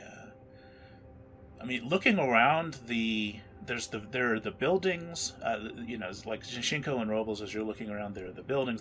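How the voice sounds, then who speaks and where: A man narrating a tabletop game as game master, halting with many fillers and restarts. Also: lowish voice, fairly bright tone.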